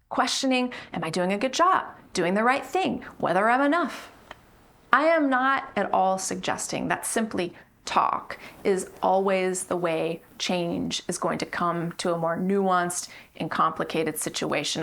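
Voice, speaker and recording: A woman in her forties preaching a sermon as pastor, measured and deliberate, building emphasis through repeated phrases. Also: medium pitch, vocal fry, fairly bright tone. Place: church sanctuary.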